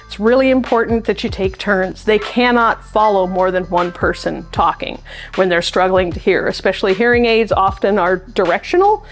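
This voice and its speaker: A woman's voice: medium pitch, moderate pace, faint music behind. A middle-aged woman and sign language interpreter, explaining practical tips in a friendly, emphatic way, often with demonstrations. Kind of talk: instructional talk to camera.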